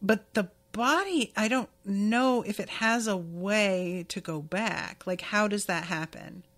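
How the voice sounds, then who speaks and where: Slow, chatty woman podcast host. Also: mid-range voice, fairly bright tone. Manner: chatty, candid, swears casually. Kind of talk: casual episode recap.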